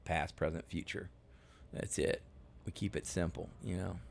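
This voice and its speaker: A deep-voiced man with a rough, gravelly edge chats through a gaming live stream. He rambles along in a laid-back way, full of "uh" and "you know", with a faint hiss under his voice. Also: flat delivery, moderate pace. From United States. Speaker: game streamer. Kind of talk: casual live-stream chat while gaming.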